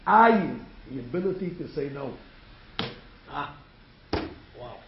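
A man's voice: mid-range voice, lively intonation, slow, heavy background noise. A man preaching a sermon as a rabbi, firing rhetorical questions and acting out quotes. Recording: echoey room, dull sound.

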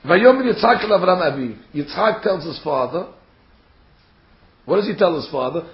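Animated man teaching a Torah class. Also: high voice, moderate pace. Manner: animated, acts out the figures' words. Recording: dull, echoey room.

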